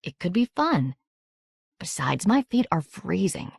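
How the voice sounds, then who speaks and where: A woman's voice: lowish voice, sing-song, measured pace, creaky, husky, no echo, clean studio sound, voice pushed up, heavily acted. A woman voicing a self-confident teenage girl who talks bluntly and teasingly.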